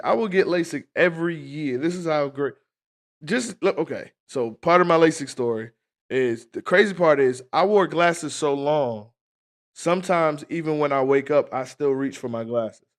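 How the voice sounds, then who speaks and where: A man hosting a livestream, telling a casual, profane story to his chat and acting out the scenes as he goes. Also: fairly high pitch. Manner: animated, profane storyteller who acts out scenes. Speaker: livestream host.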